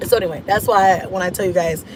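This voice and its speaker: A woman vlogger telling a casual story in an animated, dramatic way, acting out her own thoughts. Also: on the low side, fast talker, noisy background. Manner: animated, dramatic retelling with laughs and voiced-out inner thoughts. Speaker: mom vlogger.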